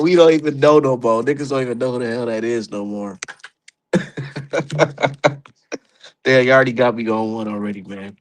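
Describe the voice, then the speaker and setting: A man's voice: mid-range voice, moderate pace, long pauses. A man hosting a casual boxing livestream, talking loosely and profanely and laughing at his own jokes. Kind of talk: casual live-stream commentary.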